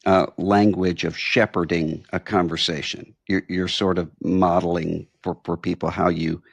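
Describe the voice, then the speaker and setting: Deep gravelly male podcast host. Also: little pitch movement, dry recording, lo-fi sound. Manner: thoughtful, halting, repeats words as he frames questions. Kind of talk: podcast interview, asking questions.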